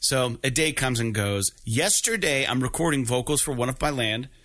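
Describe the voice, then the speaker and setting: A man with a bright, forward tone talks straight to his audience in a loose vlog style. He tells his story excitedly, swearing freely and often restarting his sentences. His pitch sits in an ordinary middle range for a man. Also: moderate pace. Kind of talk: casual storytelling to camera.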